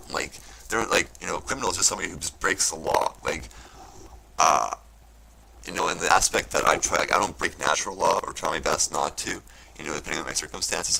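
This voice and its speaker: A man with an extremely deep, heavily gravelly voice rants loosely and profanely, his tone bright and forceful. He swears constantly and slides into mocking indignation, with a faint hiss of noise behind him. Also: low-quality recording. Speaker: vlogger. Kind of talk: profane rambling rant.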